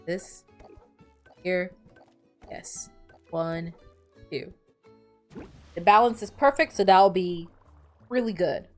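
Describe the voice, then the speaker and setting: A woman's voice: fairly low pitch, slow, pauses often. A young woman streaming a game, chatting casually, laughing often and swearing as she tells stories. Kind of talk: casual gameplay chat. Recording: faint background music.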